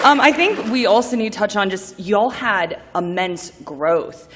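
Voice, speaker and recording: Lively young woman moderating a panel. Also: a little high, a little slow, hardly any pauses, long reverb tail, background noise. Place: convention stage.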